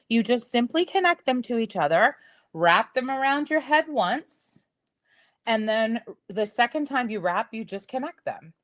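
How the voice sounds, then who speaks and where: A woman's voice: on the low side, no room sound. Middle-aged lady doing a live jewelry stream at her desk, chatty and upbeat, voice bounces up and down a lot. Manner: chatty and upbeat, talks to viewers in the comments. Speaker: jewelry seller hosting a livestream. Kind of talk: live shopping stream demo. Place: home desk.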